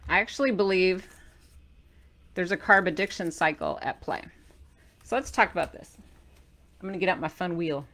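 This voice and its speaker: A middle-aged woman gives an energetic talk to camera as a diet author. Her voice is bright and forward, and her manner is playful and animated, with loud emphatic bursts when she drives a point home. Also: lowish voice, moderate pace, long pauses, a little hiss or hum. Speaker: author and keto diet coach.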